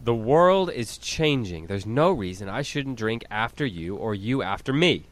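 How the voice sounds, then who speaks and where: A man voicing an earnest, preachy young man in an amateur read-aloud of a story, pushing his point loudly. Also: mid-range voice, sing-song, unhurried, no room sound. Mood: insistent.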